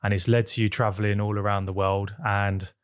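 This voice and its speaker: A man's voice: lowish voice, little pitch movement, brisk, smooth, no room sound, studio quality. Hesitant man asking interview questions. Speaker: podcast host.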